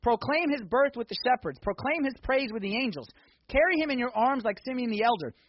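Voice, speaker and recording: A man preaching a sermon in a church, swinging from hushed intensity to loud, excited exhortation. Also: very high-pitched, a little fast, muffled recording. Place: church sanctuary.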